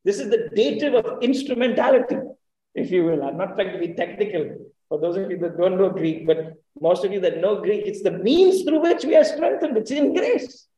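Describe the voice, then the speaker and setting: A man's voice: high-pitched, lively intonation, normal speed, mellow, reverberant, poor audio. A man preaching a sermon in an earnest, emphatic way, often putting questions to the congregation.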